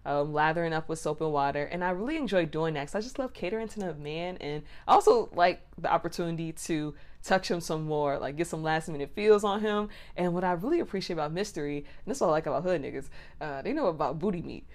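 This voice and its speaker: A young woman hosting a podcast, telling a personal story in a candid, playful way with drawn-out cooing sounds. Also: low-pitched. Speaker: podcast host. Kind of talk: casual storytelling monologue.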